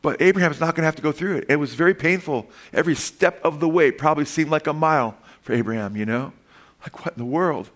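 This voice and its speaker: A man's voice: on the high side, quick pace. Earnest male pastor preaching. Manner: earnest, shifts between soft and emphatic. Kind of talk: sermon.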